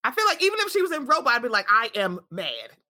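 A woman chatting casually and profanely about a TV episode, animated and full of "I'm like.". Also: high-pitched, racing. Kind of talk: casual chat recapping a TV episode.

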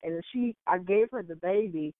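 A woman telling stories in a casual chat, animated and full of laughter, acting out what people said. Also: on the low side, normal speed, no echo. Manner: animated storyteller, big laughs, acts out quotes. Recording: tinny phone-like line, dry.

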